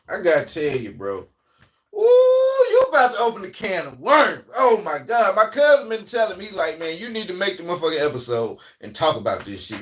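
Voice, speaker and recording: A man with a Southern US accent hosting a casual livestream, talking in a loose, rambling way that swings between loud and quiet. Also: medium pitch, distant mic. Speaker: livestream host.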